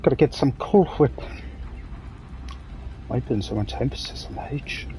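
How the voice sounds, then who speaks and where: A man's voice: mid-range voice, animated, normal speed, warm tone, soft background music, low-quality recording. A man in his thirties with an English accent, chatting in a rambling, jokey way while streaming a game and swearing casually. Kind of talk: casual gaming commentary.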